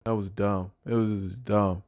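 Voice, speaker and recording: Excited young man talking football. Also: fairly low pitch, measured pace. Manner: excited, repetitive, talks like a fan. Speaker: football fan vlogger. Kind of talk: casual sports prediction vlog.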